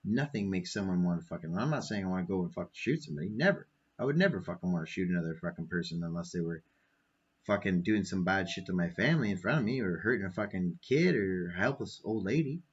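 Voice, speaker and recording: Low, husky man ranting profanely. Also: lively intonation, fast, dull audio. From Canada. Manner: profane, angry, rambling. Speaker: podcast host. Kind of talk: late-night ranting monologue. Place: small apartment.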